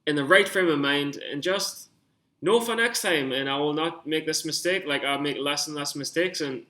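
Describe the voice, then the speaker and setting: Excitable, rambling male trading vlogger. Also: fairly high pitch, moderate pace. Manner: rambling, excitable, swears when amped up. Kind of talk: casual screen-share commentary.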